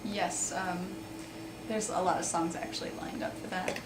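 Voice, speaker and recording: A woman speaks quietly and hesitantly as a guest on a radio show, trailing off between thoughts. She sounds far from the mic in a reverberant room. Clear background noise sits under her voice. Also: fairly low pitch, level tone, normal speed. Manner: soft-spoken, hesitant. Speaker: musician guest. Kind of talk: radio interview answers. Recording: roomy, distant, noisy live radio recording.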